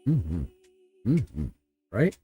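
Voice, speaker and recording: A middle-aged man hosting a live tarot reading, rambling and upbeat, his voice hoarse and cracking. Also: fairly low pitch, big pitch swings, drawn-out words, narrow, tinny audio. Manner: rambling, upbeat, repeats himself. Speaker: tarot reader and host.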